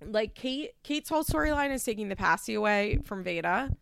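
A woman's voice: mid-range voice, animated, a little fast, creaky, fairly bright tone, slight background noise. A woman recapping a reality show in a casual monologue, talking bluntly and candidly with plenty of swearing and filler "like.".

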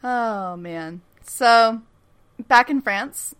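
A woman's voice: fairly high pitch, very slow, a bit bright, clear, resonant tone. A woman co-hosting a podcast, chatting casually and animatedly as she recaps a TV episode, swearing, laughing often and acting out characters' lines. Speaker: podcast co-host recapping a TV show. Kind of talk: casual chat.

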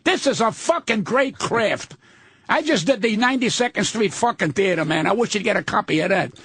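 An older man, a comedian telling blunt, profane stories in a casual interview, with a husky voice. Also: high voice, animated, fairly quick, a bit bright, dry recording. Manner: profane, blunt, ranting storyteller. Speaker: guest comedian.

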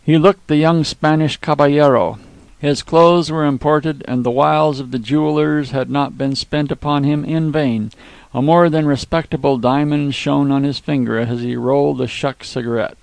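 Man reading an old story, gravelly voice, dry close mic, steady pace. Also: on the high side, normal speed, dry recording. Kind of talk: scripted narration of a classic short story.

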